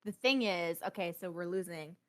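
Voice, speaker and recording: A young woman co-hosting a podcast in casual chat, animated and quick to laugh. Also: lowish voice. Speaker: podcast co-host.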